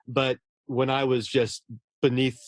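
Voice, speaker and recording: A man's voice: mid-range voice, level tone, measured pace, no echo. Earnest, effusive man in a dry room. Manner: earnest, effusive, repeats and restarts words. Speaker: horror novelist, guest. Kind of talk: casual interview conversation.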